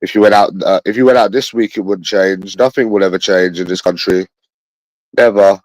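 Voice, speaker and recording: Low-voiced bitter London man ranting. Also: steady tone, fairly quick, darkish tone, dry recording, poor audio. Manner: bitter, repetitive, swears often. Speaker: livestreamer talking to his chat. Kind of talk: rambling livestream monologue.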